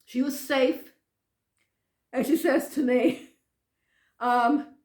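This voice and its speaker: A woman's voice: sits high, drawn-out words, pauses often, echoey room. Emotional woman telling a personal story. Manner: emotional, animated, repeats phrases. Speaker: pastor.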